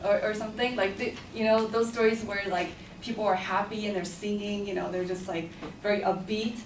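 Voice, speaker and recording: A woman's voice: medium pitch, fairly even intonation, fairly quick. A young woman telling a personal story to a class in a chatty way, with lots of fillers and giggles. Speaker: student storyteller. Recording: echoey room, far from the mic, faint hum.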